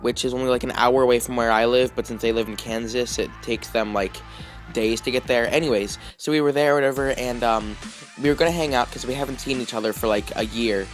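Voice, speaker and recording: Male vlogger, casual rambling storyteller, average pitch, soft music bed. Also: steady tone, brisk. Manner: rambling, heavy with fillers and restarts.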